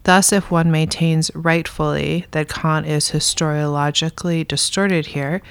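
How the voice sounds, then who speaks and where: A woman reading a dense philosophy text aloud in a measured, deliberate way. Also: low-pitched, clean tone, dry recording. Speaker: reader in a philosophy reading discussion.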